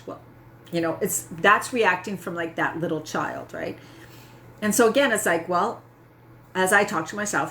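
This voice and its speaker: A middle-aged woman coach speaks in a fairly low voice, candid and self-mocking, checking in with her listeners as she goes. A faint hum of room sound sits behind her. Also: normal speed, a bit bright. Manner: candid, self-mocking, frequent "right?" asides. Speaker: health coach. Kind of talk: casual talk to camera.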